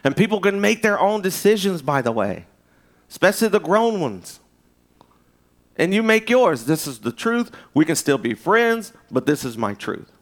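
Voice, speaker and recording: A man preaching a sermon in a loose, conversational way, with restarts and asides, swinging from loud emphasis to hushed, and in his speech. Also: high voice, sing-song, moderate pace. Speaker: pastor.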